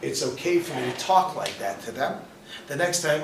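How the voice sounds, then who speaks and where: A man teaching a class as a rabbi, animated and questioning, acting out quoted people. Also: medium pitch, fast. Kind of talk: lively lecture with questions to the audience. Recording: echoey room, mic at a distance, faint noise.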